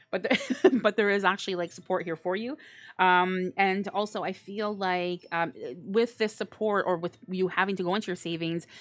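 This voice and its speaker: A woman's voice: fairly low pitch, a bit bright. A woman giving a casual tarot reading, chatty and bubbly, with lots of fillers and frequent laughter. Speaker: tarot reader.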